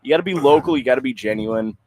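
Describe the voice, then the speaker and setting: A man's voice: mid-range voice, racing, darkish tone. A man in his twenties from the Boston area with a mild New England accent, a guest chatting easily on a radio show. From Boston area, USA. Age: 20s. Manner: easygoing, rambling with likes and you-knows. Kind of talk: casual radio chat.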